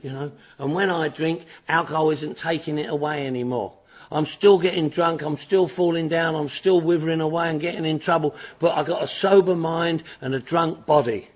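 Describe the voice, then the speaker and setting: A man's voice: on the high side, fairly even intonation, brisk, husky. A man giving a personal recovery testimony at a meeting, rambling and repetitive with stammering restarts. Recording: dull lo-fi recording.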